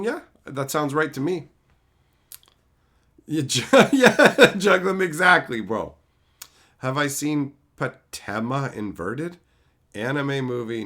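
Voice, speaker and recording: A man streaming live and casually answering chat about movies, rambling and swearing freely as he talks. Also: medium pitch. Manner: rambling, profane, animated.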